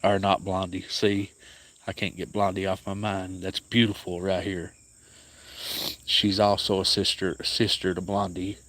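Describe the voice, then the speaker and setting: A man with an Appalachian accent, hosting a casual livestream outdoors and speaking softly to viewers by name. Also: sits low, flat delivery, a little slow. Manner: soft-spoken, grieving, talks to viewers by name. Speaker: cat sanctuary livestream host.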